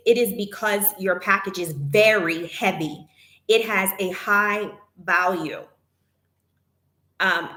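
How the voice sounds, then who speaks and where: A woman in a casual vlog talks straight to her viewers at an unhurried pace. Her voice is bright and clear, and she retells a complaint with indignant energy. The sound rings a little in an echoey room. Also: medium pitch. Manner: animated, indignant retelling, reads chat aloud. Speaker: vlogger.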